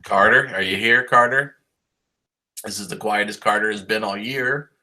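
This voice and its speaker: A man's voice: lowish voice, normal speed, pushed and bright. A middle-aged man, a band director on a video call, praising his seniors in an upbeat, rambling way full of fillers. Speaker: high school band director.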